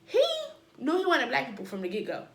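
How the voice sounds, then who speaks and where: A woman with a fairly high voice tells a personal story in a casual vlog. She throws in dramatic asides and playful sound effects. Her voice rings in a roomy, echoey space. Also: very animated, fairly quick, gravelly, a bit bright. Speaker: storytime vlogger.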